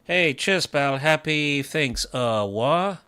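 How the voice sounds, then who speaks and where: A man's voice: on the high side, lively intonation, slow, sharp tone, clean tone. A chess coach streaming live, a man thinking aloud over his moves, self-mocking and bursting into exclamations.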